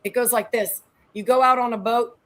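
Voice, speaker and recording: Animated, slangy woman telling stories. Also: a little high, brisk. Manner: animated, slangy, swings into loud excited peaks. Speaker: guest. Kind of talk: casual storytelling on a show.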